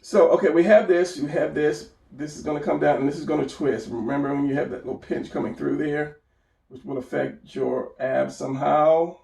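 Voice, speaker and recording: Gravelly man teaching drawing, off-mic. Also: on the high side, steady tone, normal speed, a little mellow, echoey room, far from the mic. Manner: rambling, self-correcting, talks while drawing. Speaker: drawing instructor. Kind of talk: unscripted drawing tutorial.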